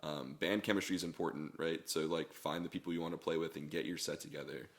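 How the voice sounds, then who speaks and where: A hoarse man, a band's singer who has lost his voice, chatting casually as an interview guest and often ending points with "right?". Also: a bass voice, quick pace. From Texas. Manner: relaxed, talks in long runs with many "right?" tags. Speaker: guest musician, band singer.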